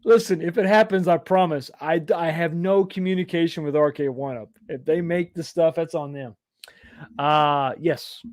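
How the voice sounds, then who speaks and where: A middle-aged man chats loosely through viewer comments, wandering off into childhood stories and poking fun at himself. His voice sits a touch high for a man. It is recorded close and dry, with no room sound. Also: normal speed, no echo. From East Texas, USA. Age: 40s or 50s. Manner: rambling, self-deprecating, chuckling asides. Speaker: live stream host. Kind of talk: casual live chat reading comments.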